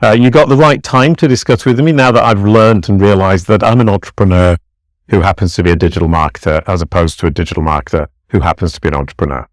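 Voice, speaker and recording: A man's voice: sits low, steady tone, fast talker, no room sound. A man with a British accent, a podcast guest explaining his ideas in an upbeat, emphatic way. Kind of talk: podcast interview.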